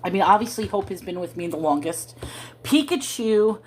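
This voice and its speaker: A woman's voice: medium pitch, expressive, moderate pace, a little mellow, a little hiss or hum. A woman hosting a casual livestream from home into her phone, rambling to viewers and chatting to her cat. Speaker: livestream host.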